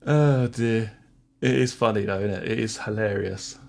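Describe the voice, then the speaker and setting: A man's voice: fairly low pitch, moderate pace, creaky, a little mellow. A man hosting a live stream, chatting to viewers and reading court transcripts in a plain voice, wry and sarcastic toward critics.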